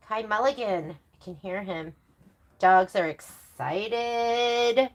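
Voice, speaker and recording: A woman's voice: mid-range voice, slow pace, a little hiss or hum. A woman presenting a sewing stream from her home sewing room, chatting in a rambling way with laughing asides. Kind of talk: casual livestream chat.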